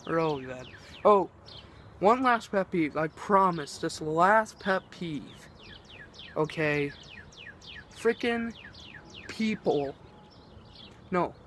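Slow, ranting male vlogger. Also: fairly high pitch, lively intonation, a bit bright, a little hiss or hum. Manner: rambling, profane ranting. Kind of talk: casual ranting vlog.

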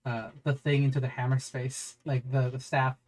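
A woman's voice: extremely low pitch, flat delivery, normal speed, a little mellow. A woman running a tabletop game, narrating in a rambling, stop-start way and swearing casually. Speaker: game master.

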